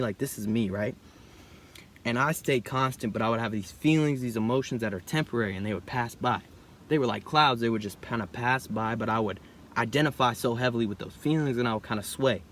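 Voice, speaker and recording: A young man thinks out loud in a loose, rambling way, often tossing in "bro" and "right?" as he goes. His voice sits at an ordinary middle pitch. A faint hiss runs under the recording. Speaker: vlogger. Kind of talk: casual reflective monologue.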